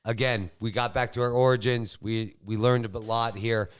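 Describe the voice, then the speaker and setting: A man's voice: medium pitch, steady tone, moderate pace, clear, resonant tone. A man hosting a podcast, laid-back and cursing, wrapping up the show. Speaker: podcast host. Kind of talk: casual chat.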